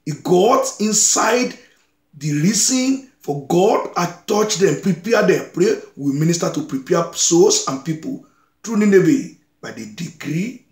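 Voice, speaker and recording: A man's voice: on the high side, lively intonation, a little slow, darkish tone, echoey room. A man preaching a sermon, reading scripture aloud and exhorting his listeners with repeated phrases.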